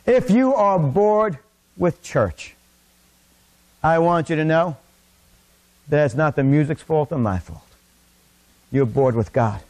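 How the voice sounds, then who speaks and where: Male pastor, middle-aged, fervent sermon delivery, slightly high voice, church setting. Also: lively intonation, takes it slowly, long pauses. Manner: impassioned preaching, rising to near-shouts. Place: church sanctuary.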